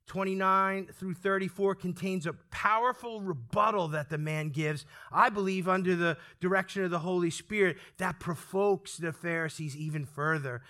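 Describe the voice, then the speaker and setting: A man preaching a sermon to a congregation, animated, calling for amens and acting out the lines he quotes. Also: sits high. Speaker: pastor. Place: church sanctuary with congregation.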